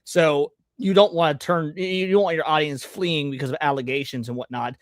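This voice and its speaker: A man hosting a casual podcast chat, rambling and emphatic, getting loud when worked up. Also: a little high, steady tone, brisk, dry recording, clean studio sound.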